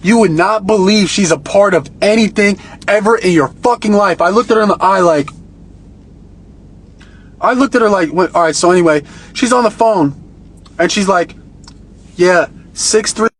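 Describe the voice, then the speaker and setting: High-voiced man rambling on a livestream. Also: moderate pace, husky. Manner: profane, rambling, excitable. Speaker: live-streamer. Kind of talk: casual live-stream storytelling. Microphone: phone.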